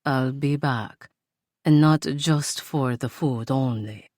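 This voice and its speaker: A woman voicing a smooth, charming male stranger with a deep voice and a heavy Italian accent. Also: slow pace, a little mellow, dry recording, studio quality, heavily acted. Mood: flirtatious.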